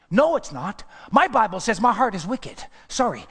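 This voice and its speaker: A man's voice: high-pitched, very animated, moderate pace, few pauses, fairly bright tone, slightly rough, big-room sound. A man pastor preaching a sermon with emphatic repetition, sometimes dropping to a whisper. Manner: emphatic preaching, repeats phrases, drops to whispers.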